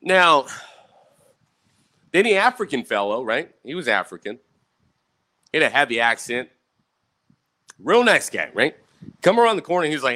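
A man's voice: fairly high pitch, sing-song, normal speed, pauses often, sharp tone. Profane rambling man telling stories. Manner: profane, rambling, keeps asking "right?". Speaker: vlogger. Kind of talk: casual rambling storytime.

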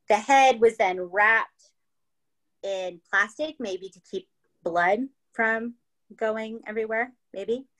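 A woman's voice: mid-range voice, a bit bright, low-quality recording. Woman, podcast host, casual true-crime storytelling, chatty, swears freely, checks in with listeners. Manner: chatty, swears, keeps checking in with "right?" and "okay?".

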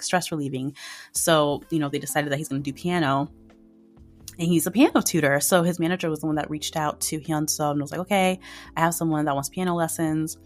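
A woman hosting a podcast, chatting casually and excitedly about dramas, with lots of "like" fillers. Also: fairly low pitch. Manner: chatty and excitable, heavy use of "like". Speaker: podcast host reviewing dramas.

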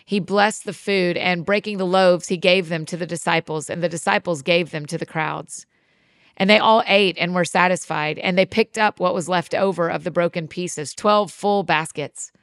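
A woman giving a measured, even-toned scripted Bible reading. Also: lowish voice, no room sound, studio quality. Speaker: scripture reader.

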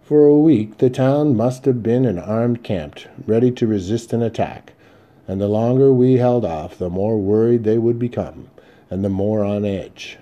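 Male audiobook narrator, dark timbre, steady measured read. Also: on the low side, muffled recording. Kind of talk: scripted first-person Western narration.

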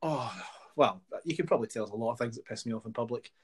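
A man in his forties, chatting casually and ranting in an animated, sweary way with bursts of laughter. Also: medium pitch, fast, breathy edge. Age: 40s. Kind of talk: casual chat.

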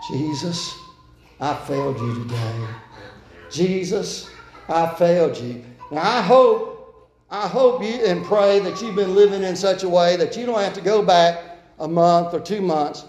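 A man preaching a sermon as pastor, earnestly urging and then dropping to quiet pleading. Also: high voice, slow pace, pauses often. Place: church sanctuary. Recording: echoey church room.

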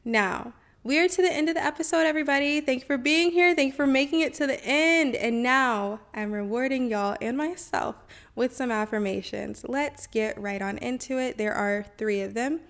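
A woman's voice: high-pitched, moderate pace, few pauses, a bit bright. A woman hosting a self-help podcast, chatty and encouraging, often saying y'all and okay. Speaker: podcast host.

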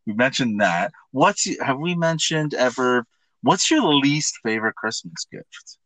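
A man chatting on a podcast, swooping up and down as he jokes crudely. His voice is bright and forward. The sound is dry and close. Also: mid-range voice, unhurried, no echo. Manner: crude, joking, lively storyteller. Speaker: podcast co-host. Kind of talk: casual chat.

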